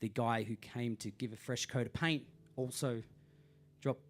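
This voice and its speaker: A man's voice: mid-range voice, fairly even intonation, unhurried. A man, a singer-songwriter, telling a rambling, self-deprecating story between songs at a live gig. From Australia.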